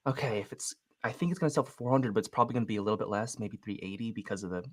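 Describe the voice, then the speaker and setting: A young man talks quickly in a lowish voice as he coaches a caller. He chats casually and acts out both sides of his cold calls in quick voices. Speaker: real estate investing coach.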